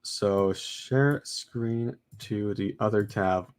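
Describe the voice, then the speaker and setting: A man streaming a casual script read-through, excitable and exclaiming at his own slips. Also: lowish voice, drawn-out words, clear, resonant tone. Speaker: streamer reading a film script aloud.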